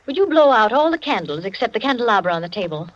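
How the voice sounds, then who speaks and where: An actress playing a wealthy hostess who gives firm, clipped commands in 1940s radio drama acting. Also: female voice, on the high side, very animated, fast. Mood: stern. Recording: muffled lo-fi old radio broadcast.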